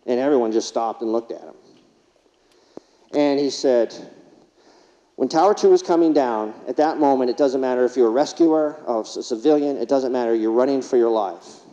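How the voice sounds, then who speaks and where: A man's voice: medium pitch, normal speed. Man giving a humorous keynote in a hall. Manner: humorous, animated anecdotes with rhetorical questions. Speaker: keynote speaker. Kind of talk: storytelling keynote speech. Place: large conference hall. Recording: distant, dull hall reverb.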